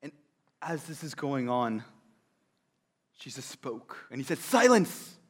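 A male preacher retelling a scripture story in an animated, conversational way, with rhetorical questions to the audience. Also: mid-range voice, a little slow, husky. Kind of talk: sermon storytelling.

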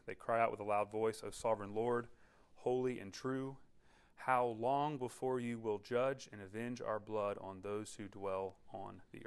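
A man preaching a sermon in an easygoing, conversational way. He walks his listeners through the text, stopping often with quick check-ins and restarting his sentences as he explains. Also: mid-range voice. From United States. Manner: conversational teaching with frequent "okay?" check-ins; restarts and filler-heavy, explanatory. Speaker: pastor.

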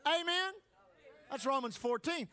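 Male preacher, very high voice, emphatic sermon, laughs a lot. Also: expressive, unhurried, a crowd in the background, noisy background. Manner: emphatic, swings between shouting and low asides, laughs often. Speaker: pastor.

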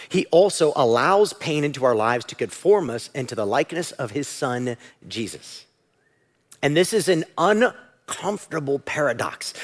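A man preaching a sermon as pastor, animated and at times shouting. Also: on the high side.

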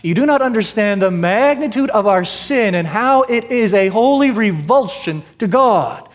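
A man preaching a sermon emphatically, repeating phrases and asking and answering his own questions, his voice swinging between loud stress and quiet drops. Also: high voice, expressive, normal speed. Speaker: pastor. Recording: long hall reverb.

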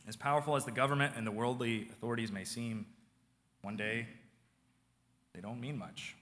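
Pastor, male; casual sermon delivery that drops from loud to near-quiet; bright tone, reverberant hall. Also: medium pitch, fairly even intonation, normal speed. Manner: conversational preaching, swings from loud to hushed.

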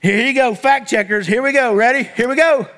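A male pastor with a strikingly high voice delivers a sermon. His tone is bright and forceful, and he drives his points home with emphatic calls to the congregation, waiting for them to answer back. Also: a little fast. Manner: preaching with call-and-response to the congregation; animated, emphatic exclamations.

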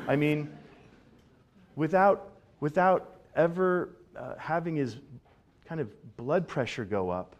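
A male pastor giving a sermon in a conversational, animated way, often repeating words as he builds a point. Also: a little high, takes it slowly, a little hiss or hum.

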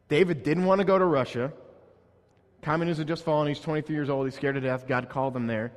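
A man's voice: on the high side, quick pace, big-room sound. A man preaching a sermon, telling a story and building up to emphatic points. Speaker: pastor.

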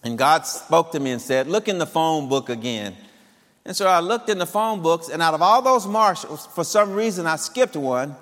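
A man in his fifties tells a personal story in a lively way, laughing often as he goes. His voice sits fairly high for a man. The sound carries a long hall reverb. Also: moderate pace, few pauses. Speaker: speaker addressing singles.

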